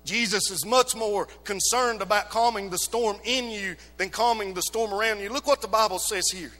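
Man, pastor, sermon, loud rises and hushed drops, very high voice, bright tone. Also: a little fast, in a large hall, soft background music. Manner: preaching with loud, rising exhortations and sudden quiet drops. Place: church sanctuary.

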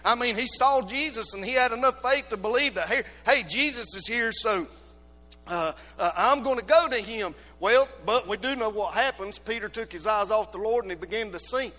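A man preaching a sermon as pastor, swinging from loud exhortation to sudden quiet. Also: sits high, moderate pace, big-room sound. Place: church sanctuary.

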